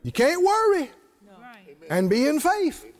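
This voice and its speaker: A man preaching a sermon, drawing answers from the congregation and building to shouted lines. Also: extremely high pitch, big pitch swings, takes it slowly. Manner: preaching with call-and-response, rising to shouts. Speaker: pastor.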